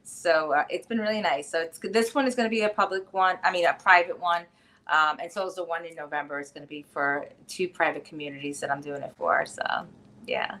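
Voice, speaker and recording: This is a woman with a New York accent, talking casually as a podcast guest. Her voice sits fairly low. She rambles in an animated way and laughs easily. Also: brisk. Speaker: podcast guest, wellness coach. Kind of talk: casual interview chat.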